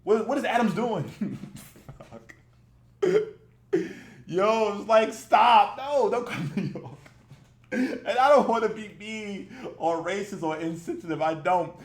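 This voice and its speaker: Male reaction-video host, high and roomy-sounding, blunt and profane, laughs a lot. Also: lively intonation, a little slow. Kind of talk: casual ranting commentary.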